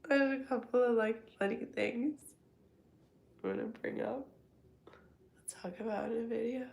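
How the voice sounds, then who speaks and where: A young woman hosting a casual livestream, hoarse, congested and tired from the flu. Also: on the high side, a little mellow. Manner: slow, drowsy talk, reading chat aloud. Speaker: livestream host.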